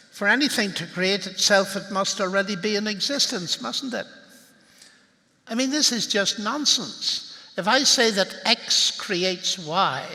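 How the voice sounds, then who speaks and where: A man's voice: high-pitched, bright, forceful tone. An older man with a Northern Irish accent giving a wry, argumentative public lecture. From Northern Ireland. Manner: wry, argumentative, building to punchlines. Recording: long reverb of a large hall.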